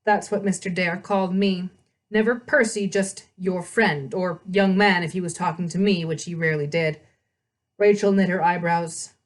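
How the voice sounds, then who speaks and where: A woman hosting a read-aloud, reading a novel with chatty asides and quick self-corrections. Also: lowish voice, steady tone.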